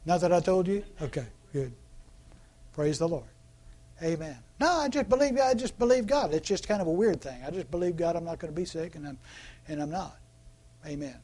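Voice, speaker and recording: A pastor delivers his sermon in a relaxed, talkative way, asking the congregation questions and slipping into mocking voices to act out what people say. His voice sits fairly high for a man. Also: brisk. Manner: conversational preaching with rhetorical questions and call-outs; acts out quoted voices mockingly.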